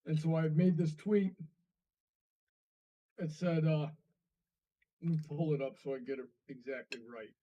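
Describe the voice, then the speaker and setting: A man's voice: a little high, fairly even intonation, dark tone. Guy a bit far off the mic, dull muffled sound, rambly story w lots of ums. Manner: rambling, halting, many fillers. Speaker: co-host. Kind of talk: casual storytelling on stream.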